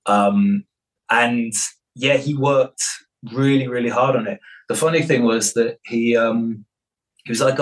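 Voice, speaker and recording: A film director in casual interview chat, relaxed, with many fillers and restarts. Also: male voice, mid-range voice, normal speed, low-quality recording.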